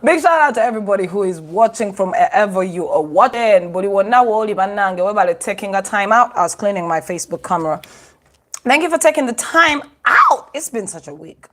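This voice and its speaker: Chatty, animated woman live-streaming from a phone. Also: mid-range voice. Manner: chatty, animated, laughs often, talks to viewers. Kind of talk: casual live-stream chat. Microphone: phone microphone.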